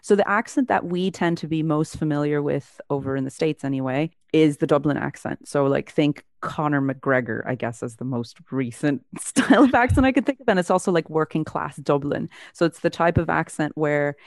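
A woman's voice: deep voice, normal speed, vocal fry, few pauses, darkish tone, no echo. Woman co-host, casual chatty delivery, dry close mic. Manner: chatty, laughs often, many fillers. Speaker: podcast co-host. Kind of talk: casual chat.

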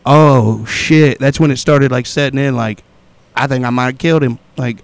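A man's voice: mid-range voice, steady tone, normal speed, gravelly, clean tone, dry recording. A young man telling a wild story in casual chat, laughing often and acting out voices and sounds.

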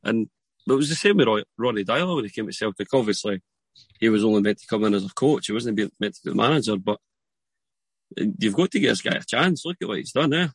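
A Scottish man chatting on a podcast, telling animated anecdotes. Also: on the low side, fast, breathy edge, dry recording. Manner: animated storytelling with laughs. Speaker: podcast guest. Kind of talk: casual podcast chat.

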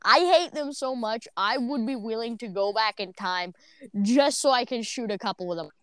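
A woman's voice: a little high, normal speed, fairly bright tone, clean tone, dry recording. A woman in a casual podcast chat, ranting bluntly and swearing freely.

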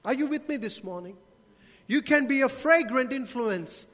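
In a church hall with long reverb, a pastor preaches to his congregation, mixing rhetorical questions with humorous asides. He speaks at a normal pace in a very high, fairly bright voice, and his delivery is animated.

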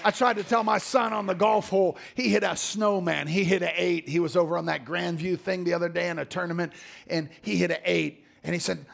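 A middle-aged male pastor preaching a sermon, dropping to low murmurs and climbing to shouted exhortation. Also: fairly even intonation, a little fast, vocal fry.

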